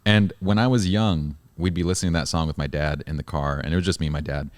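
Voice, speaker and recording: A man's voice: extremely low pitch, steady tone, fast, no room sound. A man hosting a podcast interview, chatting casually with joking, teasing banter. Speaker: podcast host.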